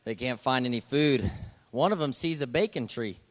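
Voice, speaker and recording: A man's voice: mid-range voice, lively intonation, moderate pace. A young man telling a joke to an assembly in plain storytelling fashion.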